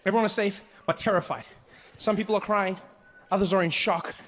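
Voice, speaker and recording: A man's voice: high voice, brisk. A male stand-up comedian telling a story on a comedy stage. He talks into a handheld stage mic and acts out the people in his story. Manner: animated, acts out characters. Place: comedy stage before a live audience.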